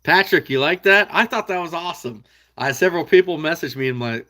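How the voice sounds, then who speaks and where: A man's voice: a little high, expressive, quick pace, pushed and bright. A man with an American Midwest accent hosting a casual livestream, reading out viewer comments in an easygoing, folksy way with frequent chuckles. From Iowa.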